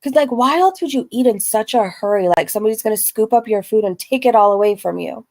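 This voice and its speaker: A woman's voice: a little high, lively intonation, fast, a little mellow. Sarcastic woman reacting to a video. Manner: sarcastic, mocking asides to chat. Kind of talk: reaction commentary.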